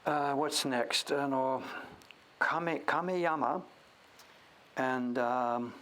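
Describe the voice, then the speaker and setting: A man hosting a casual show-and-tell, thinking aloud as he sounds out names, sometimes dropping to a whisper and breaking into excited praise. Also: fairly high pitch, a little slow, vocal fry. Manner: drops to whispers now and then. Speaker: host.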